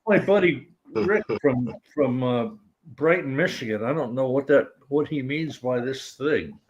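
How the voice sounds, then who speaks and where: A man's voice: medium pitch, measured pace, lo-fi sound, a little hiss or hum. A man with a Tennessee drawl co-hosting a livestream in a casual chat, making dry joking asides. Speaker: co-host.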